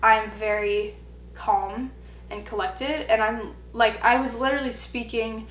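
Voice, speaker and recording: A young woman in her twenties telling a personal story in a vlog, acting out the quoted lines with animated delivery. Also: a little high, unhurried. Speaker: vlogger. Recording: echoey room with faint hum.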